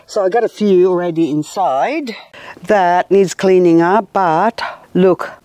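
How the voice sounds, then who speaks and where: Slow, low-pitched woman chatting at home. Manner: soft, slow and chatty, baby-talks to her pet bird. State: grieving, recently teary. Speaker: gardening vlogger. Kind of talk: casual chat to camera. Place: home, indoors.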